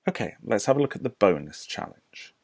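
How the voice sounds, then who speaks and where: British male teacher, deep gravelly voice, dry close sound, patient lesson for little kids. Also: sing-song, dry recording. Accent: British English. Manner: slow, clear, patient explaining with rhetorical questions. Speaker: primary school teacher. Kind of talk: recorded home lesson for young children.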